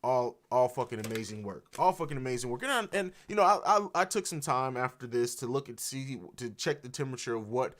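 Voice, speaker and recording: A man's voice: medium pitch, animated, brisk, hardly any pauses, fairly bright tone, a little hiss or hum. A man hosting a live reaction stream, talking with emotion, swearing freely and restarting his sentences. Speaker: livestream reaction host. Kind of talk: emotional unscripted reaction livestream. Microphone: streaming mic.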